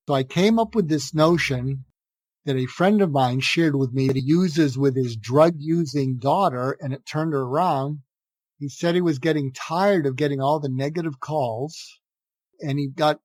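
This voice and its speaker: Giving advice as a guest in a podcast interview, this older psychiatrist has a higher, darkish voice captured without echo. He's earnest and chatty, restarting phrases now and then and voicing sample conversations.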